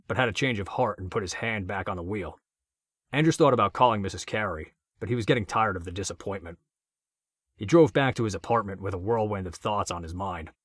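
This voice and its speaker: A man narrating an audiobook in a steady, matter-of-fact reading. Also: lowish voice, dry recording, studio quality.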